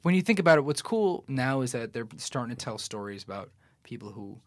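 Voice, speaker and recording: A young man in his twenties, a podcast guest and actor, chatting casually and telling animated stories in which he quotes other people. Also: mid-range voice, a little fast, no room sound. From New York City. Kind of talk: casual chat.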